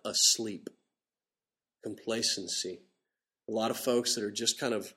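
A middle-aged man preaching a sermon in a lively, conversational way, slowing down to read scripture with emphasis. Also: mid-range voice. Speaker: pastor. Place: church.

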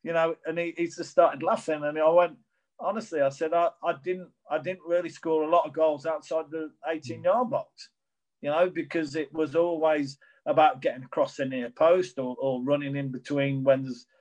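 A man's voice: on the high side, fairly even intonation, moderate pace, darkish tone, rough recording. A middle-aged man, a former footballer, answering interview questions in a rambling way with many restarts. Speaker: former professional footballer guest.

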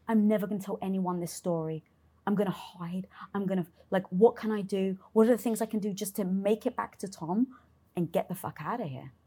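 Young woman spilling a personal story, kinda husky, swears a lot, talks herself through it out loud. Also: medium pitch, a little fast. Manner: expressive, swears freely, acts out her own inner dialogue. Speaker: interview guest.

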